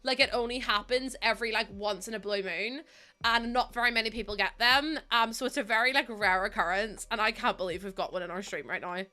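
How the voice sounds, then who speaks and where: A woman's voice: a little high, a little fast, pushed and bright. A young woman from Northern Ireland with a Northern Irish accent, streaming live and chatting with her viewers while she plays. She giggles and gushes, close to tears with gratitude.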